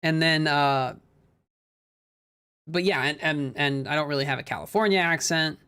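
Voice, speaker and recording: A man's voice: fairly high pitch, sharp tone, clean tone. Chatty Midwestern American man. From Minnesota, USA. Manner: chatty, quick and laughing easily. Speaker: disc golf stream co-commentator. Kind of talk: casual live-stream commentary.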